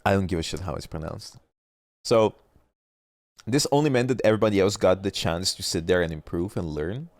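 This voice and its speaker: A man's voice: low voice, darkish tone, no room sound. A young man with a stuffy nose, commenting on an esports match in blunt, profane, rambling talk on a livestream. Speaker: esports streamer.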